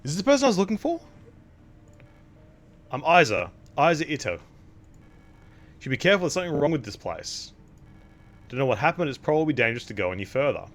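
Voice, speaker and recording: A man reading the lines of a young woman searching a ruined facility in a game, calm and earnest. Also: on the high side, fairly quick, pauses often.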